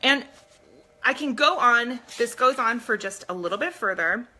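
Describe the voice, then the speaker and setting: Woman, bright clear voice, casual live stream host, earnest, speaks straight to viewers. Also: fairly high pitch, animated, normal speed. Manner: earnest, addresses viewers directly. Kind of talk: casual live stream talk and reading aloud.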